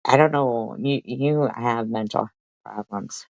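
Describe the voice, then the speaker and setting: A middle-aged woman with a very low voice rants on her stream. She mocks and curses at a clip she plays. The sound is dry and close. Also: takes it slowly, dry recording, poor audio. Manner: profane, mocking, talks back at a played clip. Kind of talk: heated commentary over played clips.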